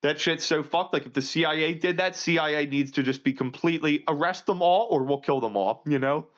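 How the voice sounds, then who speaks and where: A man with a fairly high voice rants crudely on a casual podcast, jumping from loud outbursts to low mutters. The audio sounds muffled and lo-fi. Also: a little fast. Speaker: podcast co-host.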